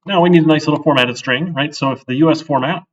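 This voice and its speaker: A man's voice: a little high, fast. A man teaching a programming class, talking casually as he codes and often checking in with "right?". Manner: conversational, thinks aloud, often asks "right?". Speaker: programming instructor. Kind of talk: casual live-coding lecture. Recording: distant, dull classroom recording.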